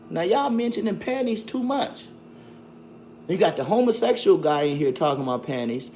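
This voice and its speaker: A man's voice: sits high, lively intonation, moderate pace, a little hiss or hum. Profane man ranting on stream. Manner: loud, profane, mocking, with frequent laughs. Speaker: livestream host. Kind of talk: combative livestream commentary.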